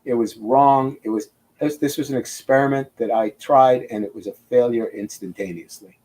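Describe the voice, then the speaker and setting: A man's voice: medium pitch, normal speed, darkish tone. An older man chats over a video call about his craft. He rambles and tells stories with animation, restarting his sentences as he thinks aloud. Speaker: comic book inker, guest. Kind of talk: casual video interview.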